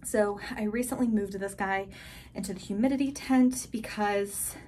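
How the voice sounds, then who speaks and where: A woman giving a casual, chatty tour of her houseplants, gushing and excited, full of filler words. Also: mid-range voice, moderate pace, slight background noise. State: a bit out of breath. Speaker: plant vlogger. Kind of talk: casual plant tour vlog. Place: indoors at a grow tent.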